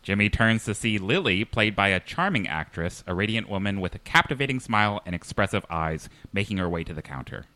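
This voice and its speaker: A man hosting a comedy podcast, reading stage directions in a lively, upbeat way in a comedic script read-through. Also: lowish voice, a little fast, hardly any pauses.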